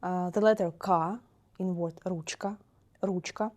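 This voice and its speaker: A woman's voice: lowish voice, fairly even intonation, a little slow, darkish tone. A woman teaching a grammar lesson, patiently repeating each example word. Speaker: Russian language teacher.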